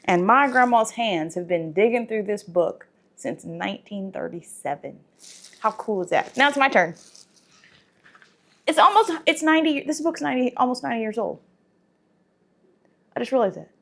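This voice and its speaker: A woman, chatting to camera as a home cooking vlogger, talkative and sentimental, her voice going soft when she is moved. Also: on the high side, animated, moderate pace, long pauses. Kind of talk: casual talk to camera.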